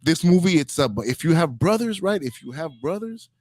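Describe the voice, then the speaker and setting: A male podcast host from Inglewood rants about sports in a heated, slang-heavy way, tossing "dog" into almost every line. His voice sits a little high for a man. The sound is close and dry. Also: lively intonation, a little fast, no echo. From Inglewood, Los Angeles. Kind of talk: opinionated comedic rant.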